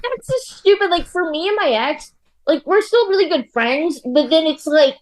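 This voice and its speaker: A young woman chatting casually as a show guest, talking fast and loose with lots of "like" and frequent laughter. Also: extremely high pitch, lively intonation. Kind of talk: casual chat.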